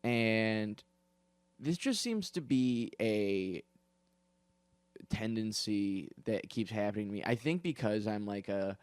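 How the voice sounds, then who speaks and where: A young man spins a comedic story for his podcast, wandering off on tangents and circling back with plenty of "like" and "um." His voice sits a little low, and the sound is dry and close with no room around it. He swears casually and pokes fun at himself as he goes. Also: expressive, slow, no room sound. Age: young adult. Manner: rambling, digressive, full of fillers and restarts; profane, self-deprecating asides.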